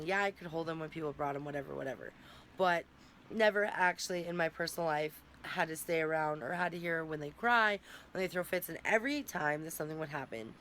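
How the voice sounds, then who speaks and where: A woman's voice: deep voice, a bit bright. Candid young woman vlogging, faint hiss. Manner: candid, rambling, tearful at times. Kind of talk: emotional personal vlog.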